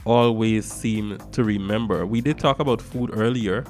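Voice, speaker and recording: A lower-voiced man with a Guyanese accent delivers a casual talk-show monologue as its host. He talks in an animated, emphatic way, hitting some words hard and then dropping into quieter asides. A faint music bed plays underneath. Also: normal speed. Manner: animated, emphatic, swings between loud stresses and soft asides.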